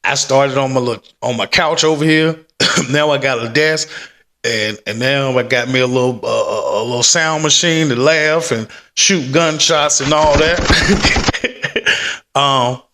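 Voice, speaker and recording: A man talks at his desk at home in a loose, rambling vlog, full of slang and easy fillers. His voice sits at an everyday pitch but rings with a bright, forward tone. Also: normal speed. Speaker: stock-market vlogger. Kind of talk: casual rambling vlog chat.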